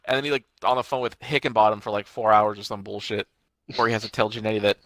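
A young man recounts wrestling anecdotes in loose podcast chat, acting out the quotes and cursing casually. His voice has a bright, forward edge. The sound is close and dry. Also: fairly low pitch, steady tone, fast, dry recording. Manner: storytelling, profane, acts out quotes.

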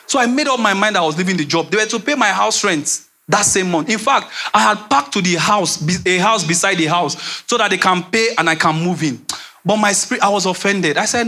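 A young Nigerian man preaching a sermon as pastor, animated, repeating phrases and dropping into a low voice to act out quotes. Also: moderate pace.

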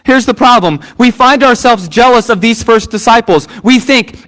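A pastor preaching a sermon, using repeated phrases and asking the congregation questions. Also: male voice, very high voice, normal speed, hardly any pauses, fairly bright tone.

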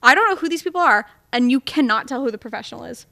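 A young woman co-hosting a podcast in a loose, gossipy chat, with quick asides and plenty of laughter. Her voice sits high and has a bright, forward edge. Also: animated. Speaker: podcast co-host. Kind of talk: casual chat.

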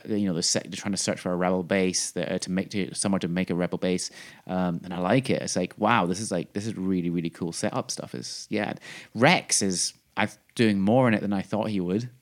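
A man with a fairly low voice co-hosts a casual podcast chat. He rambles and restarts his sentences, piles on fillers, and lights up with enthusiasm when he talks about what he enjoys. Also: fairly even intonation, a little fast. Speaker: podcast co-host.

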